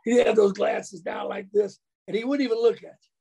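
Gravelly, husky man telling stories. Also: high voice, steady tone, fairly quick, warm tone. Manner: folksy, colloquial. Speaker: interview guest, former college football player. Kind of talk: casual storytelling.

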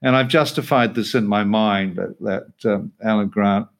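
Older man, low voice, rambling anecdotes. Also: normal speed, vocal fry. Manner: self-deprecating, rambling, laughs often. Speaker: actor, interview guest. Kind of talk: casual interview anecdote.

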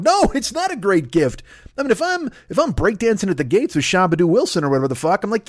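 A middle-aged man riffs through a loose comic monologue in a fairly high voice, swearing freely and jumping in and out of quick character voices. The sound is close and dry, with no room around it. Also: big pitch swings, no echo. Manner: profane, riffing, slips into quick voices for made-up characters. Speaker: podcast host.

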